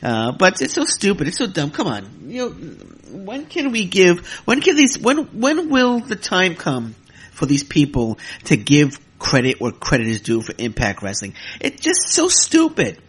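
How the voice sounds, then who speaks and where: A husky, slightly high male voice swings widely in pitch at a moderate pace. He's the host of his own wrestling podcast, delivering a solo rant that's heated and exasperated, full of fillers and peppered with curses.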